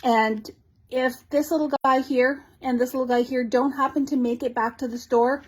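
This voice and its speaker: A woman with a Canadian accent hosting a live shop showcase of new craft supplies, bubbly and gushing, with quick asides to her viewers. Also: high-pitched, fairly even intonation, poor audio. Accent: Canadian English. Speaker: shop host showing new craft products. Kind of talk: live product showcase chat.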